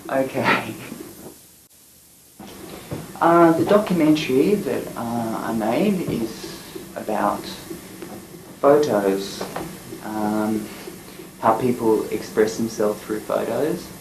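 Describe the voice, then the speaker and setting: A man's voice: medium pitch, slow, long pauses, echoey room, background noise. A man who works as a freelance photographer, telling a story in a chatty, rambling way in an interview. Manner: rambling, chatty, with frequent fillers and laughs. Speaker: freelance photographer and documentary maker.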